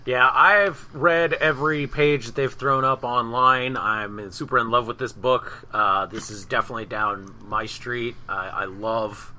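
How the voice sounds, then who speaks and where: A man with a bright, tense edge to his voice rambles through casual podcast talk, circling back and restarting his thoughts. His pitch is average for a man, and a light hiss sits in the background. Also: fairly even intonation, measured pace, few pauses, poor audio. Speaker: podcast co-host. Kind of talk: casual chat.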